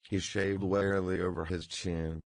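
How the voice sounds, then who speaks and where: A man narrating a classic novel as an audiobook, in a measured reading. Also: low voice, flat delivery, no room sound.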